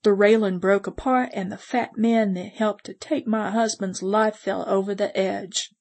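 A woman's voice: mid-range voice, steady tone, unhurried, creaky, a little mellow. Woman narrating a western audiobook. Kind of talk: scripted first-person narration.

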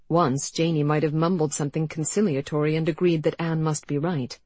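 A woman reading an audiobook in an even, measured storytelling manner. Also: low voice, slightly rough, no echo. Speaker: audiobook narrator. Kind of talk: scripted narration.

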